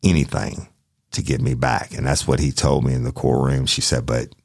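A man's voice: very deep voice, level tone, moderate pace, vocal fry. A man who works as a police detective, telling a story in a blunt, profane, casual way and acting out the people in it. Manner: profane, blunt, acts out the other people in his stories.

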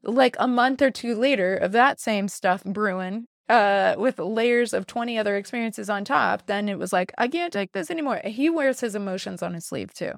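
A woman's voice: medium pitch, moderate pace, gravelly, hardly any pauses, no room sound, clean studio sound. A woman hosting a podcast, telling stories animatedly and acting out quoted dialogue with frequent laughs. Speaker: podcast host, therapist. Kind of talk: casual conversational podcast.

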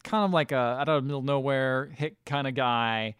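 A man chats through a film plot on a podcast, piling up fillers and dropping into quick impressions of the characters. His voice is smooth and full. The sound is dry and close to the mic. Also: medium pitch, fairly bright tone, no echo. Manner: rambling retelling with filler words, quick acted quotes. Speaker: podcast co-host. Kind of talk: casual chat recapping a movie.

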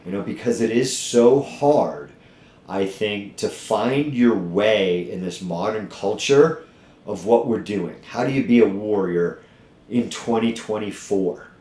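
Blunt, profane gym-owner podcast host. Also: male voice, fairly low pitch, unhurried, darkish tone. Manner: blunt, profane, fired-up motivational talk. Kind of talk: casual podcast chat. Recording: echoey room.

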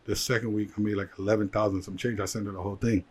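A man, a jeweler and entrepreneur, telling his life story in a casual interview, animated and full of "like" fillers. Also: lowish voice, rapid-fire, slightly rough.

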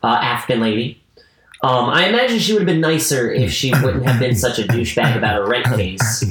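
Man, joking co-host, lively up-and-down voice, roomy echo. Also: mid-range voice, over music. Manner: joking, quick reactions and backchannels. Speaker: podcast co-host. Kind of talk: casual chat.

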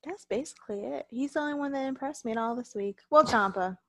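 A woman co-hosting a podcast, her voice sitting a bit high, and she rants hotly with plenty of swearing. She sounds tired and a little ill. The sound is dry and close, with no room around her. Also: fast talker, no echo. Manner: ranting, profane, heated. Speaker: podcast co-host. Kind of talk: casual wrestling podcast chat.

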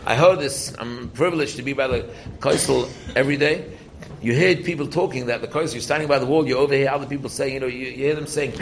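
A man with a somewhat high, gravelly voice gives an informal Torah talk to young students. He repeats key phrases for emphasis and asks questions that he answers himself. A faint hiss of background noise sits under the voice. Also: quick pace, low-quality recording. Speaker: rabbi teaching students.

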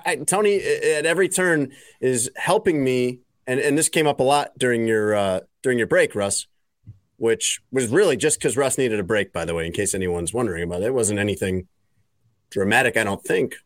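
A man's voice: mid-range voice, normal speed, dry recording, studio quality. A man hosting a podcast in casual banter, rambling and joking with lots of "like" fillers. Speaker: podcast host.

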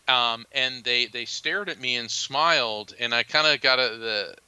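A man being interviewed as a psychic medium, telling a personal story in an earnest, halting way, with many restarts and fillers. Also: medium pitch, pushed and bright, clean tone, no room sound, poor audio.

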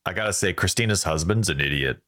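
A man's voice: low voice, fast, fairly bright tone. A man co-hosting a podcast, chatting casually and reacting to stories with short comments. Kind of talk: casual chat.

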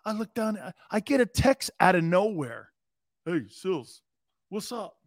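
A man's voice: sits high, very animated, a little slow, no echo, clean studio sound. A man in his fifties hosting a live show, telling a rambling, laugh-filled anecdote and acting out the quotes himself. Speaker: host. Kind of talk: casual storytelling on a live show.

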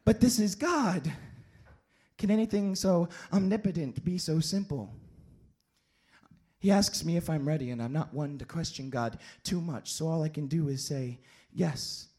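A man performing a comic slam poem at a live poetry venue on a stage microphone, animated and swinging between shouts and hushed lines. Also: a little high, normal speed, husky. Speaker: slam poet.

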